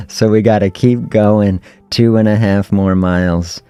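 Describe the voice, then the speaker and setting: Relaxed and reflective, a middle-aged host of a fasting health podcast shares a story on a casual livestream, chuckling frequently. His voice is on the low side, with a clear, resonant tone.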